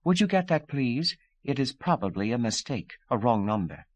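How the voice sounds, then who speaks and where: A man's voice: mid-range voice, big pitch swings, normal speed, dry recording, pitched above the performer's own voice, lightly acted. A man voicing a proud young woman who speaks in a formal, stiff way. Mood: poised. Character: proud young Russian woman, imperious then charming.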